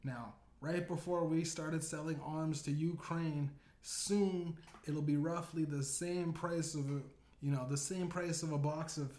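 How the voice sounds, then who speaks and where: A man voicing a grizzled, older male conspiracy official with a scar, who briefs a meeting in a slow, deliberate way. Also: fairly high pitch, steady tone, a little mellow, close to an everyday voice. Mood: briefing. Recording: roomy echo.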